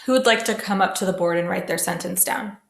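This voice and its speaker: A woman teaching a classroom pronunciation lesson, modelling sounds slowly and carefully for students to repeat. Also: lowish voice, creaky. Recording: echoey room.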